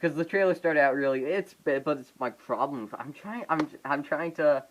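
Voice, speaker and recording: A man giving a casual off-the-cuff review to his phone camera, rambling and halting, with many fillers and restarts. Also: on the high side, highs cut off, a little hiss or hum. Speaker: vlogger reviewing a film.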